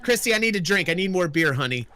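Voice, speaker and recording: High, bright excitable American man. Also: quick pace. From United States. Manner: excitable, teasing, theatrical. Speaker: stream host. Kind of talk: casual livestream chat.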